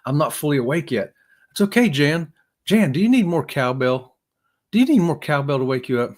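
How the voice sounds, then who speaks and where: A man's voice: on the high side, sing-song, brisk, a little mellow. A man hosting a live stream, chatting casually with viewers in an upbeat, joking, folksy way. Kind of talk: casual chat reading viewer comments.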